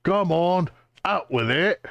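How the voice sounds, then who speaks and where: A man's voice: sits high, lively intonation, slow, gravelly, fairly bright tone, voice pushed up, full character voice. A man voicing a bullying middle-aged male police inspector from a video game, accusing and sneering.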